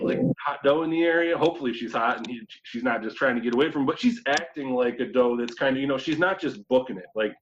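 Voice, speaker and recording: A man from New York State, a guest telling a hunting story in a casual, animated way, acting out his own thoughts. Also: mid-range voice, fast talker, hardly any pauses, slight background noise. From New York State, USA. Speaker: guest hunter. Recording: slightly dull lo-fi audio.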